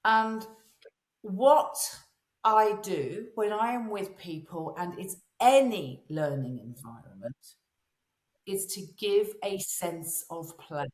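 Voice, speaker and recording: A woman, a voice and presence coach, chatting as an interview guest and telling animated stories in which she acts out the voices of the people she quotes. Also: medium pitch, takes it slowly, reverberant. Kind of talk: casual interview chat.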